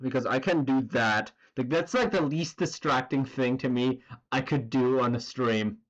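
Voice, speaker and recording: A man's voice: mid-range voice, normal speed, muffled recording. A man chatting casually on a drawing stream, rambling and swearing as he goes. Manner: rambling and profane, full of filler words.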